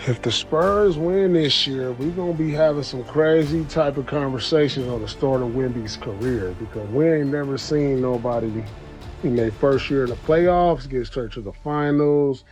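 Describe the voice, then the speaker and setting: A man gives slangy, conversational commentary on basketball from beside his grill. His voice sits at an ordinary pitch. Faint music runs underneath. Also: normal speed, darkish tone. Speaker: sports commentator. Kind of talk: casual video commentary. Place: outdoors at a grill.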